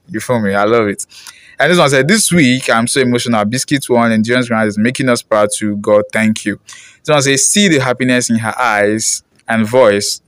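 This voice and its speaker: A young man, a reaction channel host who chats casually, gets excited, laughs often and slips into pidgin while reading out viewer comments. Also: medium pitch, dry recording, studio quality.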